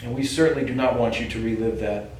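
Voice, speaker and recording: A man with a Boston accent, a paranormal investigator calmly coaxing an unseen spirit to talk, in an old building. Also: medium pitch, quick pace. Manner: calm, coaxing, earnest, addressing an unseen presence. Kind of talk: calling out to a spirit in a ghost hunt. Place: old building at night, indoors. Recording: very echoey room, distant mic, faint hiss.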